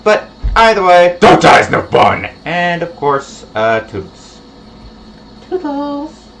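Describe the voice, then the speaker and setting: A man streaming a game, chatting casually and drifting into low mumbled asides. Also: very animated, unhurried, gravelly. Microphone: home streaming microphone. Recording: muffled lo-fi stream mic with faint hiss.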